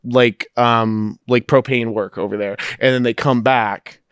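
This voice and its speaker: A young man hosts a relaxed podcast conversation, often restarting his sentences with a stammer and laughing easily. His voice is smooth and clear at a middle pitch. The recording is dry and close. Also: measured pace, no room sound. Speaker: podcast host. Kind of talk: casual podcast chat. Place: podcast studio.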